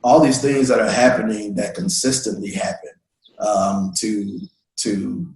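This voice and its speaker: A man's voice: on the low side, a little slow, darkish tone, roomy sound, rough recording. A man telling a personal story in a casual discussion, acting out the voices he quotes. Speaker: guest.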